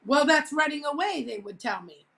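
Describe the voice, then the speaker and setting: Bright high-voiced woman telling a story. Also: moderate pace, vocal fry. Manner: laughing, animated retelling with quoted voices. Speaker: vlogger. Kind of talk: casual storytelling.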